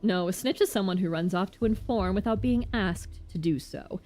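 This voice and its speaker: A woman voicing a serious young male doctor, speaking in a formal, measured way. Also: medium pitch, a little mellow, faint music behind, close to an everyday voice. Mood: stern. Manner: formal, measured, slightly lofty.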